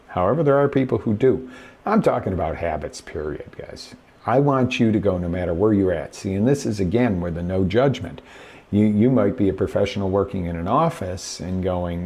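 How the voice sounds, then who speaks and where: A man's voice: low-pitched, fairly quick, vocal fry, mellow, slightly rough. A man hosting a live motivational coaching show, talking emphatically straight to his viewers from a webcam setup. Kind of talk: motivational live-stream talk.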